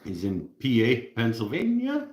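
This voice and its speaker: A man's voice: medium pitch, huge pitch swings, measured pace, a little mellow, roomy sound. A Canadian man with a Canadian accent, hosting a casual live stream, joking with viewers and laughing at his own jokes. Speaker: livestream host.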